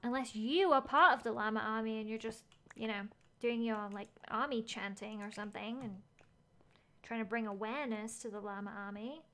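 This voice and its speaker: A woman's voice: on the high side, fairly even intonation, normal speed, fairly bright tone. A woman game streamer chatting casually as she plays, thinking aloud, gasping at finds and reading chat messages.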